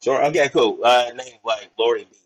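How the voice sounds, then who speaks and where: Young man, husky voice, dry close sound, casual rambling storytelling, podcast guest. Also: mid-range voice, moderate pace, no echo, poor audio. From Portland, Oregon. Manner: rambling, filler-heavy storytelling with acted-out quotes.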